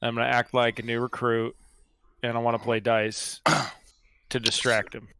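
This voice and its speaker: A man playing in a tabletop game, chatting animatedly and planning out loud. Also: medium pitch, a little slow, smooth, no room sound. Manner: animated, talks over others. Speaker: player. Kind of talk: casual tabletop game chat.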